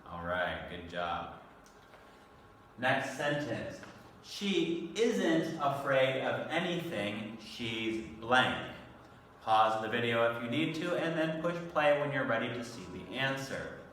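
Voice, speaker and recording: Man, ESL teacher, slow careful delivery, bright tone, very echoey room, distant from the mic. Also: mid-range voice, lively intonation, a little hiss or hum. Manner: slow, patient, clearly enunciated teacher talk. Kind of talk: recorded online vocabulary lesson.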